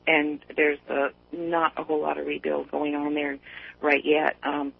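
A man talks in loose, meandering radio chat, stopping and restarting his sentences. His voice is a bit high and breathy. It comes through a thin, tinny phone line. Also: completely flat delivery, normal speed. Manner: rambling, self-correcting, many fillers.

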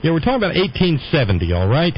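A man's voice: a little high, very animated, rapid-fire. Guy rambling on his radio show, opinionated, dull muffled sound with a faint hum underneath. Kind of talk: casual on-air monologue.

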